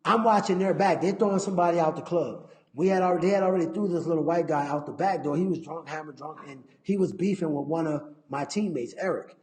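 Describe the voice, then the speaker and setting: A man, a fighter and interview guest, telling stories casually, profane and animated, acting out his own past lines. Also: on the high side, quick pace. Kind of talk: casual storytelling. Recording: echoey room.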